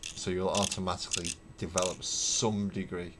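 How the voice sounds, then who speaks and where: Man, deep voice, rambling livestream chat, webcam at home, faint room hiss. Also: little pitch movement, normal speed, fairly bright tone. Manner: rambling, wry, thinks aloud with fillers. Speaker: livestreaming miniature painter. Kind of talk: casual livestream chat, answering viewer comments.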